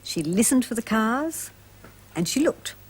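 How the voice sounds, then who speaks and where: Reading a storybook aloud to young children, this woman is gentle and expressive and puts questions to her listeners. She speaks a little slow, in a slightly high, husky voice.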